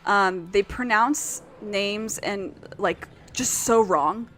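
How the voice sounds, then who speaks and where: A woman streaming a video game, chatting in a rambling, animated way and swearing freely. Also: medium pitch, slow pace, a little hiss or hum. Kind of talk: casual gameplay chat.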